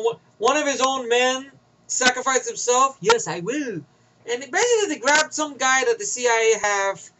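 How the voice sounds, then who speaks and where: Bright-voiced, high-pitched ranting man. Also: a little hiss or hum, low-quality recording. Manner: profane, rambling, sarcastic. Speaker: movie reviewer. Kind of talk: casual rant review.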